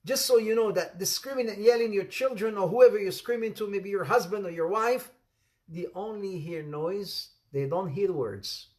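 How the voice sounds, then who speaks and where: A man's voice: high voice, moderate pace, a little mellow. A man giving an interactive religious lesson, repeating phrases for emphasis, calling on students by name and joking with playful asides. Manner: laughs often, playful asides. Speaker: Islamic teacher.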